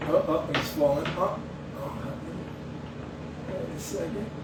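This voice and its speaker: A man hosting a live-stream puppet show, talking in a rambling, halting way. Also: a little high, heavy background noise. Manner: rambling, halting, many fillers. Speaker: host and puppeteer. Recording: echoey room, voice far from mic.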